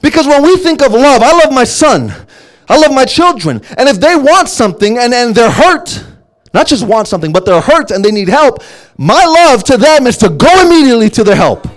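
A man preaching a sermon in a strikingly high voice that leaps up and down with lively melody. His delivery is emphatic, swinging between hushed, low asides and loud, ringing exclamations. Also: moderate pace.

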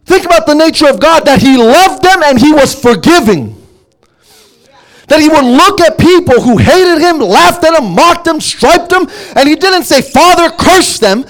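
High-voiced, animated male preacher. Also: moderate pace. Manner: emphatic preaching, swinging from hushed asides to loud exclamations. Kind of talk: sermon.

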